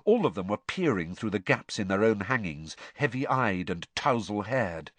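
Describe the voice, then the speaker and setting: A man narrating an audiobook in an expressive storytelling manner. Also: lowish voice, moderate pace, no echo. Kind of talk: scripted narration.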